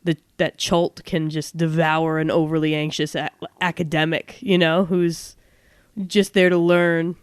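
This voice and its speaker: A woman with a smooth, resonant voice explains how her character reacted. She talks hesitantly, with many ums and restarts. The recording is close and dry. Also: deep voice, level tone, measured pace, no room sound. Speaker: podcast player. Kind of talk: casual podcast chat.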